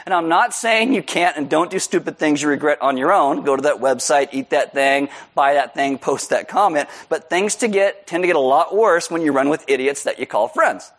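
A man delivers a sermon in a fairly high voice. He is joking and self-mocking, and he acts out stories in loud, high shouts. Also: moderate pace, hardly any pauses. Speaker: pastor. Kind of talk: sermon with storytelling.

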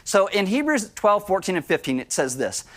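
A man's voice: sits high, big pitch swings, moderate pace. A man preaching a sermon in a conversational style, breaking into acted-out asides. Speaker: pastor.

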